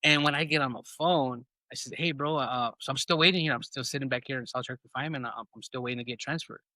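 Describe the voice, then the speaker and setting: A man's voice: mid-range voice, fast talker, sharp tone, no room sound. A man, a podcast guest, telling a personal story in casual talk, reenacting conversations and often saying bro. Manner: casual, reenacts dialogue, says bro a lot.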